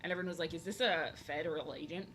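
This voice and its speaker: A woman's voice: deep voice, racing, fairly bright tone, slight background noise. A woman chatting casually with her live stream viewers while she draws, rambling and filling her talk with "like". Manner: rambling, filler-heavy, talks to chat. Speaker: art streamer.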